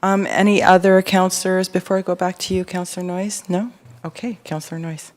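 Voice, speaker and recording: A woman runs a town council committee meeting, speaking in a brisk, friendly way. She calls on councillors and offers suggestions. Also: on the low side, fairly even intonation, noisy background. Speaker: committee chair.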